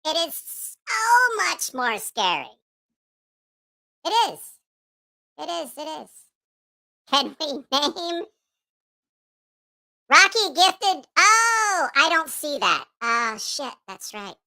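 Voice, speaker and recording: A cranky childlike puppet voice, put on by a man, swearing through its grumbling rants. It swoops high and low and drags its words out slowly, with a bright, sharp edge to the tone. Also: big pitch swings, full character voice. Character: squeaky childlike male puppet voice, grumpy and foul-mouthed. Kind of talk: livestream chat in a put-on voice.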